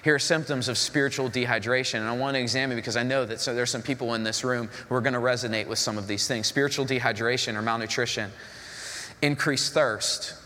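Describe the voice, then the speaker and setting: A man's voice: mid-range voice, fast talker. A young adult man preaching a sermon in a church hall, telling stories and acting out what other people say. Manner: animated storytelling, voices others in quotes. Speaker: pastor.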